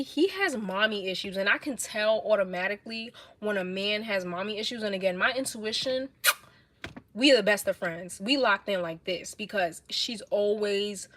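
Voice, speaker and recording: A young woman with a New York accent, livestreaming and telling blunt, animated stories in casual chat. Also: mid-range voice, no echo. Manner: blunt, animated, swears a lot.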